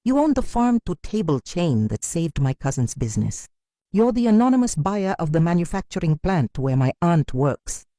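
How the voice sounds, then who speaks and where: A woman's voice: lowish voice, sing-song, normal speed, warm tone, no room sound, studio quality, pitched above the performer's own voice. A woman voicing an earnest, humbled young husband who speaks with new respect.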